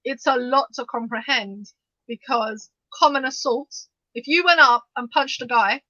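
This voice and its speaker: A woman co-hosting a podcast, talking fast and animatedly in bursts, with frequent restarts as she discusses the news. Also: high-pitched, bright, forceful tone, no echo. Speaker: podcast co-host. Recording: dull, dry lo-fi sound.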